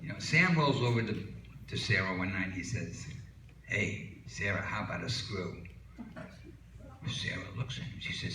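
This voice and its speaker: A man's voice: lowish voice, sing-song, normal speed, sharp tone, a little hiss or hum. An older man doing a stand-up routine, a rambling, folksy joke teller who leans on "you know" fillers. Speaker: stand-up comic. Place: small comedy club stage. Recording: echoey room from far off.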